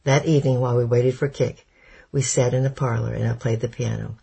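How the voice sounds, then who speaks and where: A man narrating a chapter of an audiobook in a steady, measured storytelling manner. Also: mid-range voice, creaky, slightly rough. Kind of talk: scripted narration.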